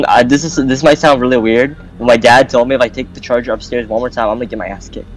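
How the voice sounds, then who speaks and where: A teenage boy chatting casually while gaming, goofy and quick to laugh at his own jokes. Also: medium pitch, steady tone, faint music behind, rough recording. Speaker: gamer.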